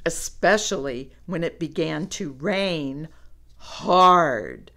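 A woman reading a children's storybook aloud, with animated asides to young listeners. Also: mid-range voice, slow. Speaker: storybook reader.

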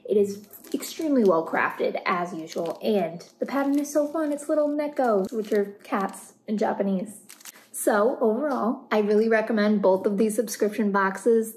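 A woman's voice: mid-range voice, slight background noise. A woman hosting a reaction channel, enthusiastically reading a snack-box sponsorship with bubbly praise. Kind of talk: sponsor read, then reacting to anime.

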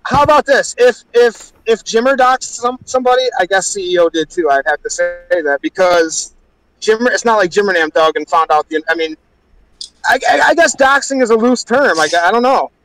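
A man's voice: sits high, expressive, fairly quick, fairly bright tone, poor audio. A man chatting casually, hedging and restarting his sentences. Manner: hesitant, many restarts. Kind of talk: casual chat.

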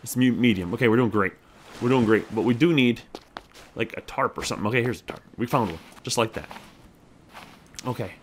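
A young man giving lively let's-play commentary on a survival game, talking to himself and his character. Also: medium pitch, fairly quick, long pauses, a little hiss or hum. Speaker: gameplay commentator.

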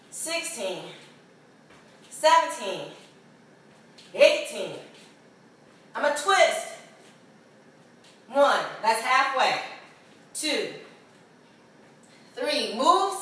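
A woman's voice: high voice, a bit bright. A woman fitness instructor leading a home workout video, upbeat and encouraging, a bit out of breath. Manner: upbeat, encouraging, laughs often. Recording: echoey room, far from the mic.

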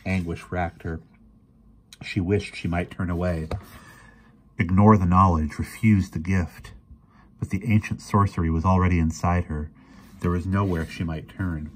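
A man reading a fantasy novel aloud in a quiet, even storytelling manner. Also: sits low, measured pace, long pauses, a little hiss or hum. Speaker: reader. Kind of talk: audiobook reading.

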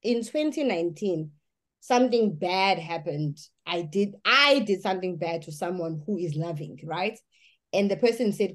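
A woman's voice: on the low side, expressive, normal speed. A woman giving an earnest personal testimony, speaking emphatically and often restarting her sentences.

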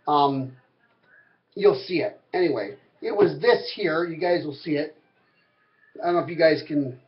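A man's voice: fairly high pitch, highs cut off. A man ranting to camera as a vlogger, rambling, heated and full of swearing. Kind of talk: angry rant to camera.

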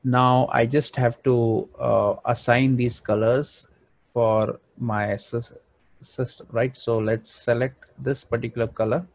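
A man's voice: mid-range voice, level tone, takes it slowly, darkish tone, no echo. A man thinking aloud with frequent fillers as he narrates a screen-recorded design tutorial. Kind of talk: screen-recorded software walkthrough.

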